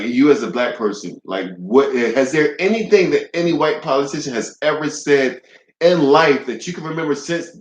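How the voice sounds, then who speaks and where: Profane, heated man in an echoey room. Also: fairly high pitch. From United States. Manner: blunt, profane and heated, with repeated restarts. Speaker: vlogger. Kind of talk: ranting monologue to camera.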